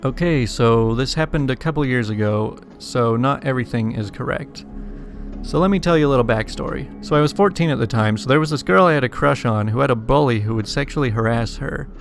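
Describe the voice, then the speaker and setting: A man's voice: mid-range voice, a little fast, creaky, soft background music. A man casually reading online stories aloud and stopping to comment on them. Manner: casual, stops to comment and apologize for the text. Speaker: story reader and YouTuber.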